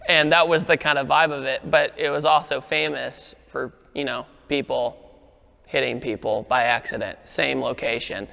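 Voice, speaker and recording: A man telling a car story in a casual, animated way, acting out the quoted lines. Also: moderate pace, vocal fry, long reverb tail. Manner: animated, acts out quoted lines with rising pitch.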